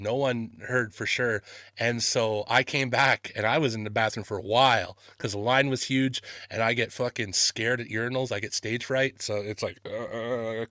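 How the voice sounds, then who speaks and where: A man hosting a podcast, telling stories in casual chat, animated, swearing a lot and laughing often. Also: mid-range voice, dry recording, clean studio sound. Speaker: podcast host.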